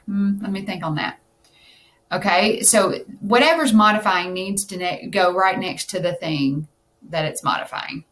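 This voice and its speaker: A woman's voice: lowish voice, normal speed, a bit bright. A woman tutoring test prep, thinking aloud as she explains answers and checking in with "okay?".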